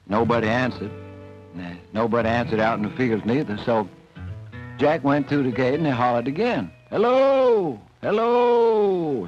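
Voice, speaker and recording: A man telling a folk tale in a folksy, homespun drawl, from an old film soundtrack. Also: mid-range voice. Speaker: storyteller. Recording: dull old film soundtrack, faint music.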